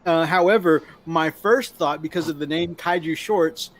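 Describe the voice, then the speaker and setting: A man's voice: a little high, normal speed. A man hosting a live-stream chat, talkative and upbeat, reading viewer comments aloud. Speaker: host.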